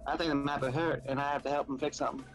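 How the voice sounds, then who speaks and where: A man's voice: on the high side, little pitch movement, very fast, lightly acted. Man voicing a little girl, Southern twang, earnest diary reading, game music behind. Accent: attempted Southern US. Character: sweet young girl writing a diary.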